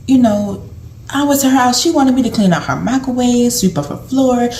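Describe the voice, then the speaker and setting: A woman's voice: a little high, animated, moderate pace, mellow, slight background noise. A woman who once worked as a home health aide, telling stories and giving tips in a rambling, conversational way with lots of fillers. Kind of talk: casual storytelling vlog. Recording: roomy echo.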